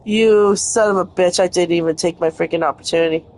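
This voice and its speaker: A woman's voice: on the low side, steady tone, brisk, darkish tone. A young woman giving live gameplay commentary, frustrated and cursing at the game as she plays. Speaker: gaming streamer.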